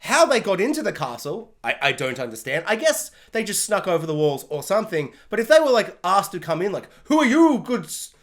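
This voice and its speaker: A woman rattling through a spoiler review with a voice that leaps up and down all the time. She jokes, rants and slips into quick mock voices for the characters. The talk is casual and animated. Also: on the low side.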